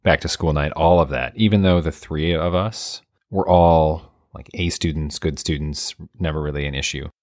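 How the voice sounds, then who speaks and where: A man co-hosting a casual chat, candid and reflective, reacting with quick exclamations. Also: rumbling low, steady tone, darkish tone, dry recording, studio quality.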